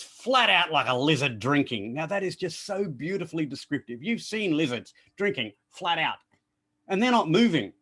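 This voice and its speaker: An Australian man giving a playful, explanatory prepared speech to an online club. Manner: playful, explanatory, lively pitch swings. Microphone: online call.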